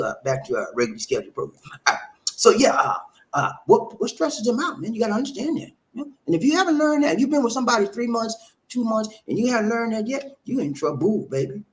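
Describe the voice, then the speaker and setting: Casting: a preachy man as a relationship-advice host, with a lively, swooping delivery. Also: high-pitched, fast. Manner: preachy, repeats himself, talks straight to the audience. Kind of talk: casual advice broadcast.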